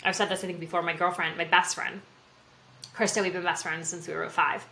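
A woman in her thirties hosting her own podcast in casual solo talk, frank and swearing freely, acting out quotes with sudden jumps in pitch and volume. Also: level tone, fairly quick, bright, forceful tone, a little hiss or hum. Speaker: podcast host.

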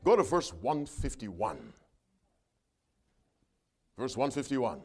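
A man preaching a sermon, reading scripture aloud with his congregation and calling for responses, loud and emphatic on the verses and quieter between them. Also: mid-range voice, wildly swooping pitch, slow, slightly rough.

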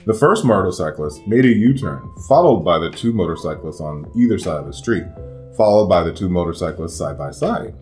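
A man's voice: low-pitched, lively intonation, a little fast. A man reading a picture book aloud to children, giving each character a voice. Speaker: storybook reader. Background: soft guitar music.

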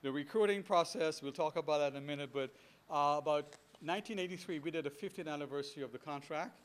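An older Bahamian man in his seventies giving a lecture full of stories to a live audience. He is animated and anecdotal, breaking off for chuckling asides, and his voice sits slightly high for a man. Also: fast. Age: 70s. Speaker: guest speaker. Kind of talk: storytelling history lecture. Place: lecture hall before an audience.

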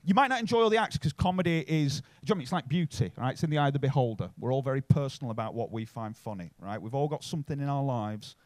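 A man's voice: medium pitch, lively intonation, racing, hardly any pauses, no echo. A man from Bury near Manchester with a Manchester-area accent, doing a sweary stand-up set in a comedy club, chatting with the crowd and tagging lines with "right?".

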